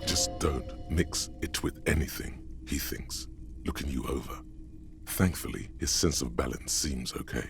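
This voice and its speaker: An actor voicing the solemn narrator of a game, delivering poetic lines slowly and with weight. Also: male voice, extremely low pitch, creaky, over music, exaggerated voice. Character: solemn older male game narrator, grave and knowing. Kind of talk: scripted dramatic narration.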